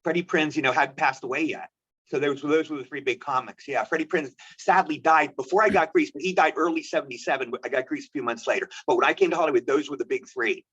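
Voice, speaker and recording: A man from the United States, an actor, telling animated anecdotes as an interview guest. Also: on the high side, fast, slightly rough. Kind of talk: storytelling interview. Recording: dull lo-fi audio.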